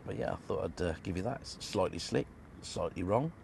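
A man calls in to a podcast and tells his story in a matter-of-fact, measured way. His voice is very low. A faint hiss of background noise runs under the line. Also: creaky. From England. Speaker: caller. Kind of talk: phoned-in story.

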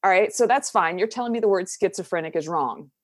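A woman's voice: medium pitch, fast, no room sound, studio quality. A woman from the southern United States with a Southern accent, a podcast guest talking casually and candidly, laughing often and trailing off into fillers.

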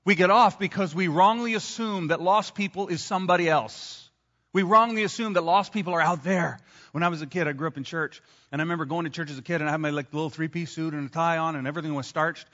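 A man preaching a sermon with a bright, forceful voice set a little high for a man. His animated, conversational delivery carries through a church hall with a long reverb, and the sound is slightly dull. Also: fast talker. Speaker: pastor.

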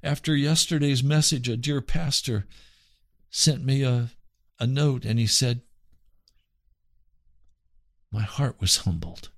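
A man's voice: mid-range voice, measured pace, no room sound. A man preaching on his radio broadcast, earnest and pleading, often repeating phrases. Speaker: radio pastor. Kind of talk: radio sermon.

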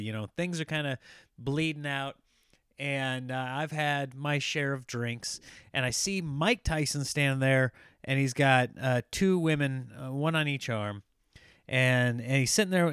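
A man hosting a podcast, telling rambling stories in a casual, animated way and laughing often. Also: medium pitch, clean tone, no room sound, studio quality. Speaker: podcast host. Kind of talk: casual storytelling monologue.

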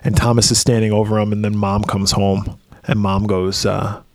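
Flat in delivery and moderate in pace, a fairly low male voice co-hosts a podcast with casual film talk. He recaps a movie chattily, laughing and swearing easily on a close mic, with no echo.

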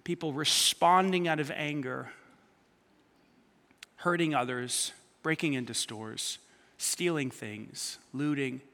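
A man preaching a sermon, telling personal stories with lively swings between quiet asides and loud emphatic bursts. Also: a little high, slow, vocal fry. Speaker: pastor. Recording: long hall reverb.

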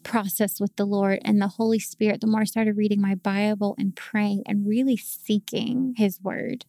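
A woman's voice: mid-range voice, flat delivery, moderate pace, gravelly, dark tone, no room sound, studio quality. A woman guest telling her faith story in a casual podcast chat, earnest and emotional.

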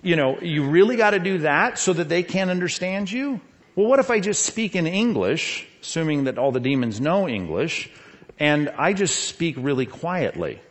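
Man, pastor, sermon, animated preaching, rhetorical questions, lively pitch. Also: normal speed.

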